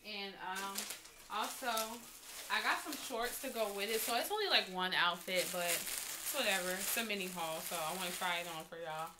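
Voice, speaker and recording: A woman vlogger talking casually and excitedly to her viewers as she unboxes and tries on a small clothing haul. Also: medium pitch, moderate pace, background noise. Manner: chatty and excitable, talks straight to viewers.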